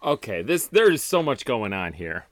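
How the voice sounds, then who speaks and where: A man co-hosting a podcast, telling game scenarios in an animated way and teasing his partner. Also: fairly low pitch, moderate pace, no room sound. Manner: animated storyteller, wry teasing. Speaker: podcast co-host. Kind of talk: casual chat about tabletop game scenarios.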